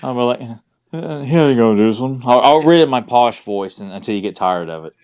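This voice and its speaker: A man's voice: mid-range voice, lively intonation, brisk, a little mellow, smooth, muffled recording. Rambling, teasing podcast co-host man. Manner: teasing, rambling, filler-heavy. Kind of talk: casual watch-along podcast chat.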